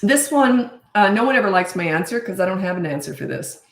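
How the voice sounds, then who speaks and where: A woman's voice: mid-range voice, expressive, fairly quick. A middle-aged woman coaching parents in a blunt, emphatic way, laughing at herself now and then. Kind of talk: casual advice monologue. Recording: echoey room.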